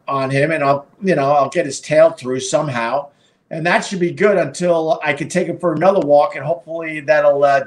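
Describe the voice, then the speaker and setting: A middle-aged man hosting a live stream, telling a story casually with a rambling, profane delivery full of fillers and restarts. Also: fairly high pitch. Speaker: podcast and live stream host.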